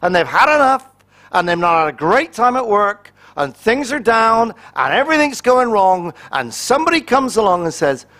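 A man's voice: high voice, sing-song, moderate pace, bright, forceful tone. A man, a pastor, preaching a sermon in a conversational and humorous way, acting out little quoted exchanges.

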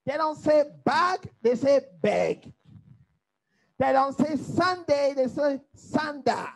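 A woman teaching a Bible study in preaching style, lively and humorous, asking the listeners to fill in her words. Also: sits high, measured pace, low-quality recording. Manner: rhetorical call-and-response questions; lively, humorous, mimics accents.

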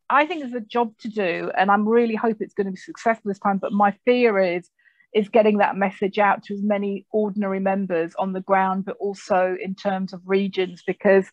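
A woman's voice: mid-range voice, dry recording, highs cut off. A woman speaking as a branch chair in an online meeting, hesitant and full of restarts. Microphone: video call mic.

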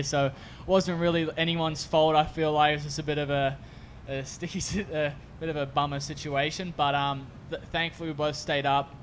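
A man's voice: on the high side, a bit bright, a little hiss or hum. A man, a racer at a post-race press conference, telling his race in a casual, rambling way.

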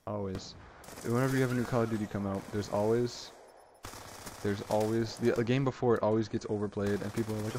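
A man giving casual, rambling gameplay commentary, excitably retelling his moments in the match. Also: lowish voice, brisk. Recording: noisy game audio underneath. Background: game sound effects.

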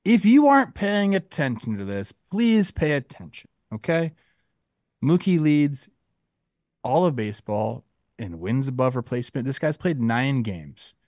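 Guy rambling on a podcast, middle-pitched voice, dead dry close mic, loose and chatty, keeps wandering into stories. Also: sing-song, a little slow, darkish tone, no echo. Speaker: podcast co-host and youth baseball coach. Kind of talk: casual sports podcast chat.

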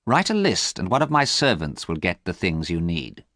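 A man's voice: sits low, big pitch swings, normal speed, fairly bright tone, no echo, studio quality, exaggerated voice. A man voicing a desperate young man who turns cold and threatening, in an urgent, pressing way.

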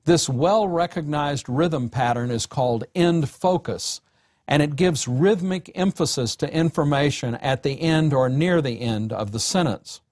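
A man giving a recorded lecture on writing, speaking in a measured, deliberate way and slowing down to read example sentences. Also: a little high, a little mellow, no room sound, clean studio sound.

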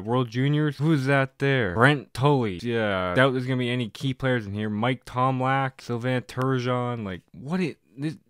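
A young man from Canada rips open hockey card packs and grumbles sarcastically about the junk inside. His voice is smooth and clear, recorded dry and close with no room sound. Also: mid-range voice, a bit bright, no room sound. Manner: sarcastic, exasperated, mock-hostile complaining. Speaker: card-opening video host. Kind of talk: casual unboxing commentary.

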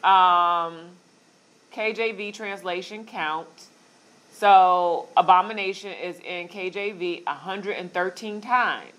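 A woman teaching a Bible study class, walking listeners through on-screen steps in a relaxed, conversational way with filler words. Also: lowish voice, slow pace.

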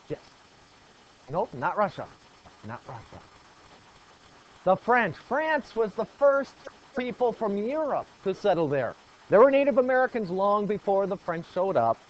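A male teacher with a rather high voice runs a classroom lesson. He keeps quizzing the students and repeats the key points. The recording is muffled and lo-fi. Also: big pitch swings, a little slow, a little hiss or hum. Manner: asks the class questions and praises answers.

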